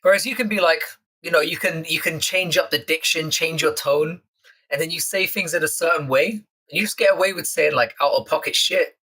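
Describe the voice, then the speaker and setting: A young man from London talks off the cuff to his live chat, swearing freely and ribbing the regulars. His tone is bright and forward, with a casual, unscripted flow. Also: on the high side, brisk. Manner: crude, swearing, teasing chat readers. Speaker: live stream host.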